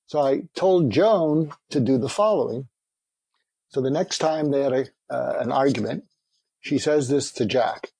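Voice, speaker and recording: A man's voice: mid-range voice, measured pace, vocal fry, mellow, slightly rough, no echo. A man who trains salespeople, speaking as an interview guest, frank and fond of anecdotes. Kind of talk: storytelling interview talk.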